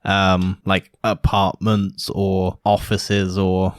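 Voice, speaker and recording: A young man, low in pitch, talks bluntly and teases his co-host. The recording is close and dry, with no room sound. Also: completely flat delivery, extremely slow, smooth, dry recording. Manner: blunt, swears casually, teasing. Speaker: podcast co-host. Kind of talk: casual chat.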